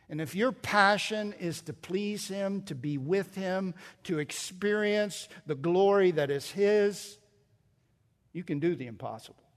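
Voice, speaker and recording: Guy preaching a sermon, kinda high voice, slow and emphatic, explains greek grammar. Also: long reverb tail. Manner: expository preaching, quotes scripture and Greek grammar, builds to emphatic peaks. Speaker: pastor.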